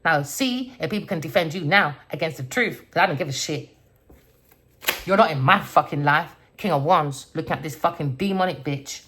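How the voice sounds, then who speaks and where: A woman giving a tarot reading as an angry, profane rant, swinging between low muttering and loud outbursts. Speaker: tarot reader. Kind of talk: ranting tarot reading monologue.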